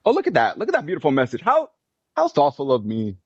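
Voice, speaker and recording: A man bantering on a livestream in an animated, self-mocking, jokey way. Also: a little high, fast talker, breathy edge, no room sound, muffled recording. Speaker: streamer on a livestream.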